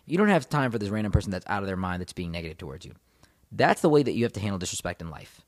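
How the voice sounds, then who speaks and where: Male relationship coach, quick emphatic delivery, talks straight to viewers, repeats key points for weight. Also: fairly low pitch, very animated. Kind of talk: motivational advice talk to camera.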